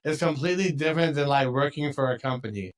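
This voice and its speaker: A male podcast host chatting casually with a guest. He is relaxed and talkative, and he laughs easily. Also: on the high side, fast. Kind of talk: casual conversation.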